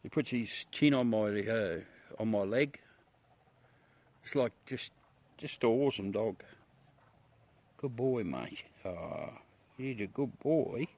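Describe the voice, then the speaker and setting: A man's voice: medium pitch, lively intonation, takes it slowly, pauses often, a little mellow. A middle-aged man with an Australian accent, chatting casually to his livestream viewers outdoors at night, laid-back, chuckling and swearing freely. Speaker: livestream host. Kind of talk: casual rambling chat to viewers.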